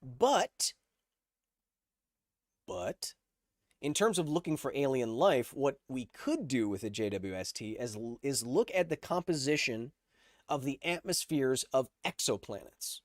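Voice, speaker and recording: This man hosts a livestream in a medium-pitched, expressive voice, moving at a measured pace. He explains science casually, reads out the chat and jokes in reply, all in clean studio sound with no room noise.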